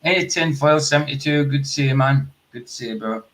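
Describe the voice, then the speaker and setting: A man's voice: mid-range voice, fairly quick, a bit bright, poor audio. A man hosting a live stream, chatting casually, swearing lightly and greeting viewers by name. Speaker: livestream host.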